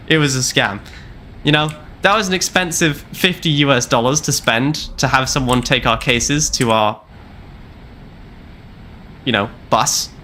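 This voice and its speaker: A young man streams a game while casually telling a long, rambling travel story full of wry repeats. His voice is medium-pitched, bright, and forceful, with a little hiss or hum in the audio.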